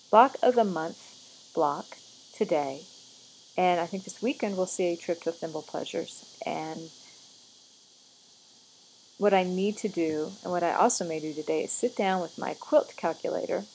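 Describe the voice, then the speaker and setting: A woman's voice: on the low side, creaky, darkish tone, slight background noise. A middle-aged woman chatting casually, rambling from one aside to the next with a chatty, digressive manner.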